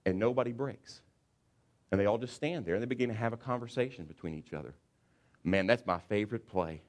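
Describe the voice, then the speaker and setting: A man preaching a sermon as pastor, telling a story with animated, acted-out asides. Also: medium pitch, a little fast. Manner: animated storytelling, acts out football players.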